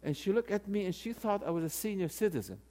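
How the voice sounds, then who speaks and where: A man in his sixties, a theology professor, telling a story in a sermon with animated delivery and frequent restarts. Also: high voice, fast. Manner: animated, with many restarts and repeated words.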